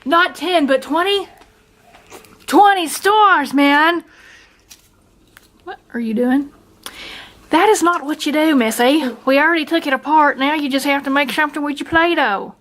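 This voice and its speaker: A woman's voice: high voice, normal speed, fairly bright tone. A woman hosting a casual family vlog, filming at home and teasing her family in a playful, chatty way.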